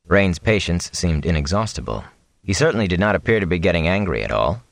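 A man reads a fantasy novel aloud in a very low voice that swings freely up and down. The sound is close and dry, with no room around it. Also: lively intonation, a little fast, creaky, no room sound. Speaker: audiobook narrator. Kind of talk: storybook narration.

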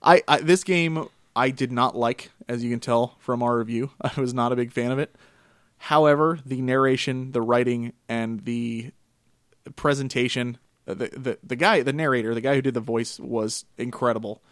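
A man co-hosting a gaming podcast, chatting casually and telling animated stories with frequent laughter. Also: mid-range voice, normal speed, no echo, clean studio sound. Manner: laughs often, animated storytelling. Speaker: podcast co-host. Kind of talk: casual chat about games.

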